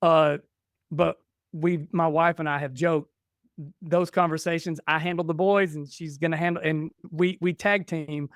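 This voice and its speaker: Smooth-voiced man telling family stories. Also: on the high side, steady tone, normal speed, no echo, studio quality. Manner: chatty, restarts and quotes himself. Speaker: podcast guest. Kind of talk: casual storytelling.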